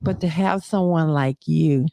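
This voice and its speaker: A woman hosting a talk show, telling a personal story slowly, with frequent pauses and restarts. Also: low voice, gravelly, warm tone, no room sound. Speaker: host. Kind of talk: casual chat.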